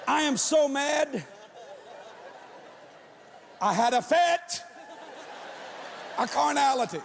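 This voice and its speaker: A man preacher telling a comic story in an animated way, often shouting punchlines. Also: very high voice, slow, creaky, some chatter behind, a little hiss or hum.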